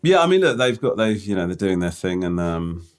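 Co-host, lower-pitched man, dry sarcastic teasing, casual chat. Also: big pitch swings, a little fast. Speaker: podcast co-host.

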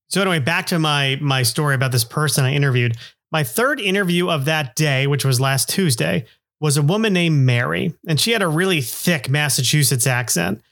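A man's voice: on the high side, a bit bright. A middle-aged man hosting a podcast, narrating casually in a rambling, self-deprecating way with many fillers. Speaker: podcast host.

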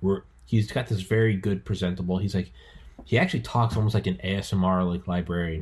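A man hosting a podcast from home, talking in a rambling, excitable way with lots of swearing and restarts. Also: deep voice, a little fast, slightly rough. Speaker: podcast host. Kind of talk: casual podcast chat. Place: home, with dogs around.

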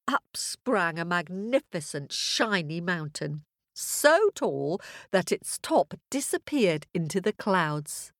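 A woman storyteller narrating a fairy tale for children, expressive and with chanted sound effects. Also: mid-range voice, no echo, studio quality.

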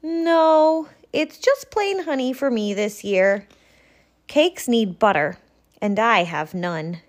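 A woman voicing a gentle, bookish male bear in a storybook, in a soft manner. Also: on the high side, expressive, slow, pitched above the performer's own voice.

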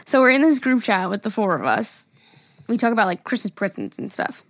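A woman's voice: mid-range voice, very animated, brisk, fairly bright tone, no room sound, clean studio sound. A young woman co-hosting a podcast, telling a funny family story in casual chat and reading text messages aloud between laughs. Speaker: podcast co-host.

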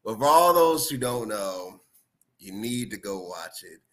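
A man hosting a casual podcast chat, animated and laughing often, acting out movie lines. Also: lowish voice, a little slow. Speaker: podcast host.

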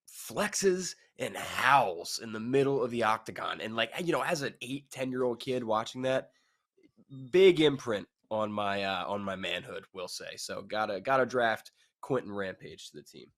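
Excitable low-voiced male co-host. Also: a little slow. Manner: excitable, builds up to loud punchlines. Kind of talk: casual sports radio banter.

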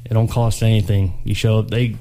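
A man chatting as a podcast guest, telling stories in a relaxed, rambling way. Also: fairly low pitch, fairly quick, slight background noise. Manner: easygoing, rambling storyteller. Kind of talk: casual chat.

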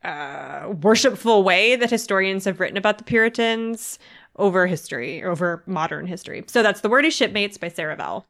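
A woman's voice: mid-range voice, lively intonation, brisk, fairly bright tone. A woman co-hosting a podcast, chatting casually about books, laughing often and filling with "like". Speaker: podcast co-host. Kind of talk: casual book chat.

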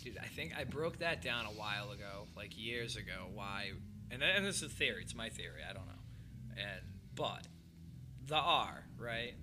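A man's voice: on the low side, expressive, normal speed. A man with a Boston accent chatting casually on a podcast. He laughs often, swears freely and rambles through his theories. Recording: noisy room ambience.

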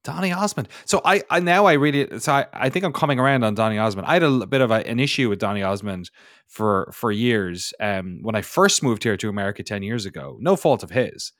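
A man's voice: fairly low pitch, lively intonation, a little fast, fairly bright tone, no room sound. Irish male co-host, playful banter, dry booth sound. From Ireland. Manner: joking, playful. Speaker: podcast co-host. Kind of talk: casual chat.

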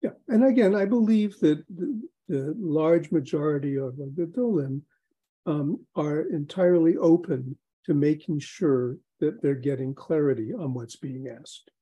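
Brief: male guest expert, husky dark voice, storytelling with lively emphasis. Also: a little high, measured pace, poor audio. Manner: explanatory, storytelling, animated emphasis. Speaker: guest expert, rabbi and psychologist. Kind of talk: podcast interview.

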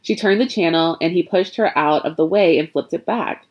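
A woman reading a spooky story aloud, expressive and chatty, adding her own asides along the way. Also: lowish voice, moderate pace, dull audio.

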